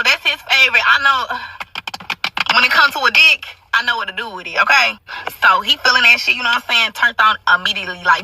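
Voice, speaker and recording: A woman's voice: on the high side, pushed and bright, husky, distant mic, low-quality recording. A young woman telling a story in a casual monologue, brash and profane, with constant asides to her listeners.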